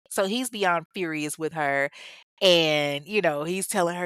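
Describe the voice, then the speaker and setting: Brief: woman storyteller, low-set voice, dry close sound, blunt and sarcastic asides. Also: unhurried, a bit bright, clean tone, dry recording. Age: adult parent. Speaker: true crime storyteller. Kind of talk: casual storytelling commentary.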